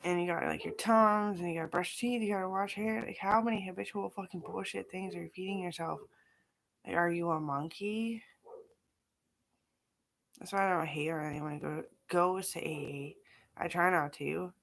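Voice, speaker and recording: A woman's voice: lowish voice, steady tone, normal speed, vocal fry. A middle-aged woman talking in a rambling, casual monologue, profane and scattered, jumping from aside to aside. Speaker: vlogger.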